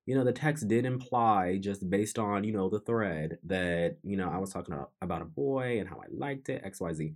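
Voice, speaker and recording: A man hosting a podcast, telling a personal story in an earnest, reflective way, often restarting and repeating his phrases. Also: low voice. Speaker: podcast host.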